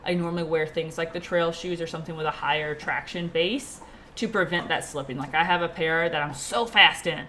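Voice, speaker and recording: A woman's voice: low-pitched, fairly quick, pushed and bright, slight background noise. A woman guest talking casually and enthusiastically about running, laughing easily. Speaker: podcast guest, teacher and runner. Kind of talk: casual chat.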